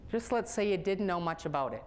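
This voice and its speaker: A middle-aged woman speaking to a group and telling a personal story. She talks in an animated way and often breaks into laughter as she goes. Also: fairly low pitch, a little fast, slight background noise.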